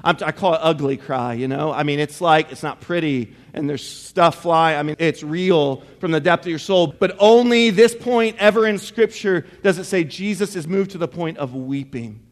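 A man's voice: a little high, moderate pace, hardly any pauses. A man preaching a sermon as pastor, reading scripture dramatically and pressing the congregation with rhetorical questions. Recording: long hall reverb.

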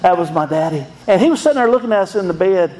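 A man's voice: sits high, expressive, very fast, darkish tone. A middle-aged man, a pastor telling an emotional family story in a folksy sermon.

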